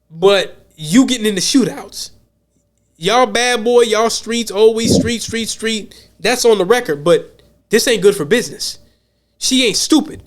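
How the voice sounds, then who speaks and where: A man with a high voice co-hosting a podcast. He talks in a casual, profane rush and keeps acting out other people's lines. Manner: animated, profane, acts out quotes. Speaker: podcast co-host. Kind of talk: casual chat.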